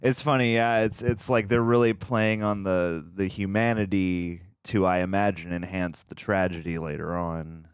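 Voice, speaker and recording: A man hosts a casual movie reaction in a lowish, smooth voice. He talks loosely, with lots of fillers and frequent laughs. The sound is dry and close, with film music faintly underneath. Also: flat delivery, normal speed, hardly any pauses, dry recording. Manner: chatty, laughs often, many fillers.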